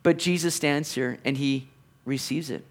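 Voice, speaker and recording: A man's voice: mid-range voice, normal speed. A man preaching a sermon in an earnest, conversational way, with playful asides to the congregation. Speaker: pastor.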